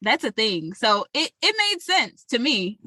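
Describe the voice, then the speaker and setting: A female podcast co-host casually retells a movie, animatedly acting out the characters' lines and swearing freely. Her voice is fairly high and a little slow, and the recording is dry.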